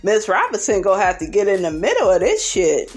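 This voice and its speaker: A woman's voice: medium pitch, huge pitch swings, a little fast. A woman hosting a casual reality TV recap, sassy and blunt, swearing freely and tossing in "honey" and "okay" as she gossips. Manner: profane and blunt.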